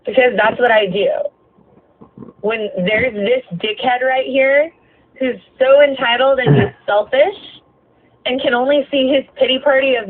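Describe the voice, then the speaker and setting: A worn-out woman bus driver unloads about her night, cursing hard and her voice breaking now and then. Her voice sits a little high. It comes through a thin, phone-like line with a faint hiss behind. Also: unhurried. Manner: heavy swearing, exasperated, voice breaking with emotion. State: tired. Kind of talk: late-night venting rant.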